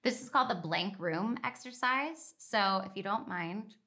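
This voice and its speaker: A woman hosting a podcast interview, chatting like an excited fan, then reading her outro. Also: medium pitch, moderate pace. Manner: gushing, enthusiastic fan. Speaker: podcast host. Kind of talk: casual interview and scripted outro.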